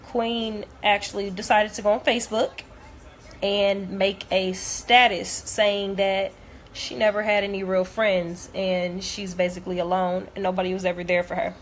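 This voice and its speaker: Flat-voiced woman retelling events. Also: mid-range voice, moderate pace, slight background noise. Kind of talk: recounting events.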